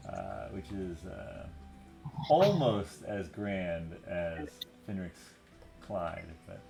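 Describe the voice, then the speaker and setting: A young man narrating a tabletop game as game master, relaxed and halting. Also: sits low, vocal fry, music in the background.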